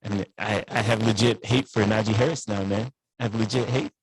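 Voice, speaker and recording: Husky-voiced man on a dry video call. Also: on the low side, steady tone, a little fast, no echo, low-quality recording. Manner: laid-back, says "man" often. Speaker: guest, teacher. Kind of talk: casual podcast chat over video call. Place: school studio.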